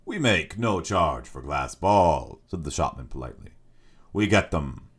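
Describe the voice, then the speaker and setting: A man's voice: sits low, very animated, a bit bright, full character voice. A man voicing a courteous, uncanny magic shopkeeper. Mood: polite. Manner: courteous, smooth, unhurried. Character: polite, affable male magic shopkeeper, uncanny.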